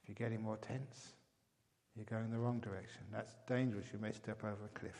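A man giving a calm meditation talk, speaking gently and growing softer on key words. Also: fairly low pitch, brisk. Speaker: meditation teacher. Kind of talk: dharma talk with a joke. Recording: long hall reverb.

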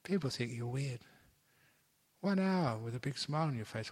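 A man giving a gentle, playful meditation talk as a teacher, slowing down for emphasis. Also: medium pitch, animated. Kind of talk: dharma talk. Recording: long hall reverb.

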